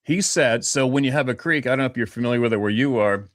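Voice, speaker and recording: Man, fifties, from Vancouver Island, blunt profane storyteller, dry close sound, mid-pitched. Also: fast talker, dry recording. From Vancouver Island, Canada. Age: 50s. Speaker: interview guest. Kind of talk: casual storytelling interview.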